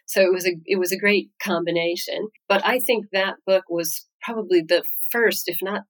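A woman's voice: lowish voice, rough recording. A woman hosting an interview, affirming her guest and asking follow-up questions. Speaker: interview host. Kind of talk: conversational interview.

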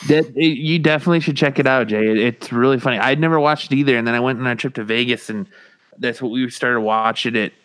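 Here a fast-talking man with a mid-range voice co-hosts a podcast. He swears without holding back and brings his stories to life by acting out what others said in the casual banter.

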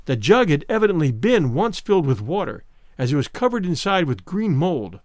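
A man narrating a classic story in a measured, expressive reading. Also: a little high, no room sound, clean studio sound. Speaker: audiobook narrator.

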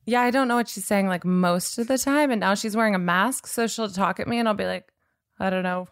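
A woman's voice: medium pitch, no echo, studio quality. A woman hosting a casual interview, playful and teasing with her guest. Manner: playful, teasing, quick to laugh.

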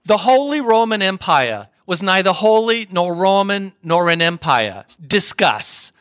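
A man's voice: high voice, very animated, a little slow, a bit bright, clean tone, no room sound, clean studio sound, voice pushed up, exaggerated voice. A man putting on a middle-aged female talk-show hostess with a New York accent, declaiming in a theatrical catchphrase style. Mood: mock-solemn.

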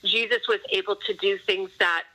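Woman guest, faith podcast; pointed, bright tone, preacherly and earnest. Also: medium pitch, fairly even intonation, moderate pace, poor audio. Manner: earnest, preacherly, rhetorical questions. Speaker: guest counselor. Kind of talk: faith-based podcast conversation.

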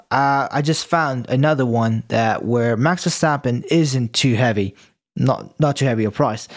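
A man with a non-native English accent, co-hosting a betting podcast and calmly laying out his picks. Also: medium pitch. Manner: matter-of-fact, repeats key figures. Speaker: betting analyst co-host. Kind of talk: casual sports betting chat.

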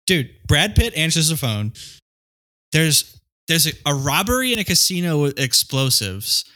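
A man's voice: fairly high pitch, sing-song, a little slow, sharp tone. A man co-hosting a casual movie podcast, emphatic and profane. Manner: emphatic, profane, says dude a lot. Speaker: podcast co-host.

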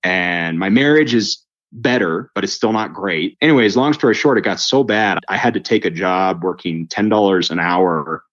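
A man telling his faith story in a conversation, lively, acting out the voices of the people in it. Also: low voice, normal speed, highs cut off. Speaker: guest telling his testimony. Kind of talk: storytelling interview chat.

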